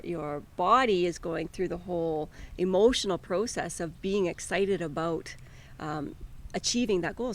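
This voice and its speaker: A woman's voice: on the low side, slight background noise. A woman life coach co-hosting a podcast, explaining ideas in an earnest, encouraging way. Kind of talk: casual conversational podcast.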